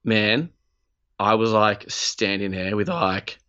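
A man's voice: fairly low pitch, slow, clean tone, lo-fi sound. A young Australian man co-hosting a gaming podcast, telling a rambling story full of swearing and acted-out quotes. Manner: animated, swears freely, acts out voices in anecdotes. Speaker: podcast co-host. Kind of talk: casual storytelling chat.

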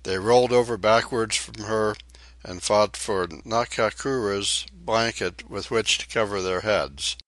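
A man reading a short story aloud in a measured, even storytelling way. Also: on the low side, no room sound. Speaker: audiobook reader. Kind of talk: audiobook narration.

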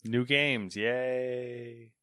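A man's voice: medium pitch, fairly even intonation, very slow, bright, forceful tone, smooth, no room sound. Laid-back man with dry quips. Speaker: podcast co-host. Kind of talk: casual gaming news chat.

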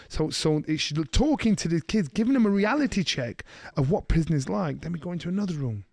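A middle-aged man, co-hosting a podcast, telling a story in a lively way and slipping into the voices of the people he quotes. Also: on the high side, a little fast, creaky, hardly any pauses, no echo, clean studio sound. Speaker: podcast co-host. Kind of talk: casual storytelling chat.

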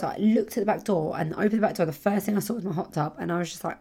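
This is a young woman chatting on her own podcast from home, rambling from one story to the next and laughing at herself. Her voice sits low and carries a gravelly, fry-touched edge. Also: rapid-fire, few pauses, mellow. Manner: chatty, rambling, self-mocking, laughs often. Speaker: podcast host. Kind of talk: casual solo podcast chat.

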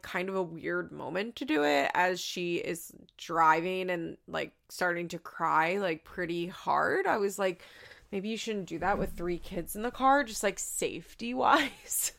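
A woman's voice: mid-range voice, gravelly, a bit bright. A woman recapping a reality show in a casual, sarcastic, rambling way, swearing and filling her talk with "like.".

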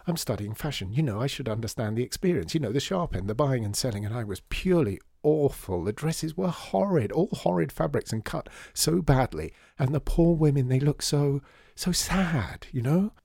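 A gushing young woman fashion student, as a male narrator puts her on, rambling and chatty in a lively voice. She sits higher than the reader's own tone and sounds mellow, in a dry, close recording. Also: normal speed, gravelly, husky, no echo. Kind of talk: audiobook character voice.

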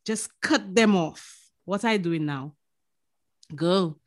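A woman with a Saint Lucian accent, a podcast co-host telling lively stories in casual chat, laughing and swearing freely. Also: on the low side, slow.

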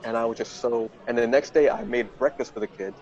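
Male podcast host, animated self-mocking storyteller, mid-range voice, slightly muffled lo-fi sound. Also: brisk. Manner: animated, self-mocking, jumps into high-pitched voices when quoting himself. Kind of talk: casual storytelling.

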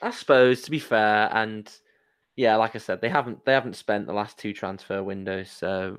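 A man hosting a casual football podcast, chatty and excitable, rambling with restarts. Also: on the low side, moderate pace, smooth, no echo. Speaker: podcast host.

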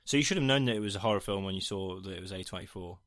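Man, podcast co-host, casual film chat, lowish pitch, bright tone. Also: racing. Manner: laughing, loose and irreverent.

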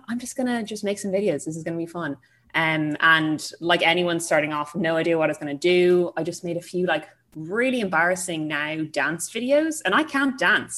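A woman's voice: deep voice, a bit bright. A young woman in her twenties with an Irish accent, chatting casually as a podcast guest, self-deprecating and full of fillers. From Ireland. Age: 20s.

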